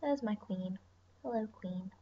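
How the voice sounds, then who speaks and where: A woman's voice: medium pitch, unhurried, breathy edge, dull audio. Tired young woman rambling while drawing. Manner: rambling, chatty, drifts into soft whispers and sighs. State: tired, yawning. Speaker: artist streaming her drawing. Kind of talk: casual drawing commentary.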